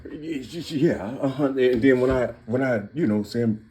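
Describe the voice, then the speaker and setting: Mellow-voiced man preaching on word codes. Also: medium pitch, moderate pace. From Cincinnati, Ohio, US. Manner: repetitive, circling back on phrases; preachy, addressing listeners directly. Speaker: channel host. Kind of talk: casual monologue explaining word codes.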